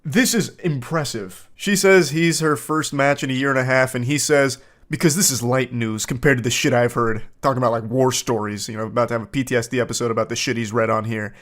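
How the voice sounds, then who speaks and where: A man's voice: mid-range voice, brisk, fairly bright tone. A man in his thirties hosting reaction commentary, reading dating texts aloud with incredulous, crude outbursts. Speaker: commentary host.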